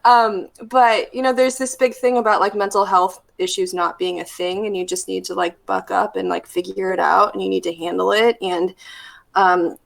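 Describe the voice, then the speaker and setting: A woman's voice: medium pitch, level tone, normal speed, creaky. A woman therapist talking through ideas in a casual podcast conversation, thoughtful and full of fillers. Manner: thoughtful, storytelling with many fillers. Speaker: therapist guest.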